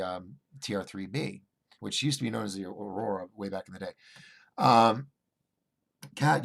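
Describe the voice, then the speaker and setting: Reading viewers' chat out loud on his casual call-in livestream, a man with vocal fry rambles through fillers and restarts, veering from bursts of excitement to low side remarks.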